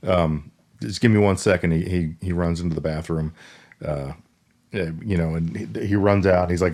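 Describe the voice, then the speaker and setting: A man co-hosting a podcast, retelling a film scene by scene in a rambling, halting way with many fillers and restarts. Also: sits low, a little mellow. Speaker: podcast co-host. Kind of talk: casual chat recapping a film.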